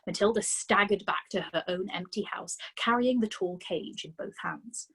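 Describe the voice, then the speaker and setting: A woman reading a children's story aloud for a storytime, expressive with dramatic pauses. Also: mid-range voice, slightly rough.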